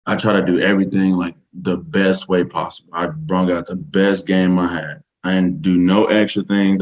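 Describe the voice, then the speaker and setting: A Texas man with a Southern US accent and a low voice, heard through poor audio. He's a podcast guest telling a story casually, rambling and using lots of fillers.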